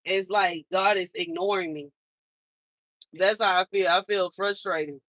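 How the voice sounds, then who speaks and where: A woman's voice: fairly low pitch, steady tone, measured pace, fairly bright tone, dry recording. A young woman hosting a livestream, venting in a frustrated, repetitive and emphatic way. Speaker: livestream host.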